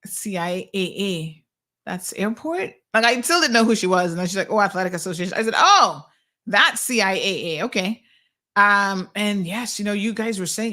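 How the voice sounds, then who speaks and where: A Caymanian woman hosts a call-in talk show, her mid-range voice pushed and bright. She rambles in an exasperated way, reading listener comments and telling stories in casual call-in chat.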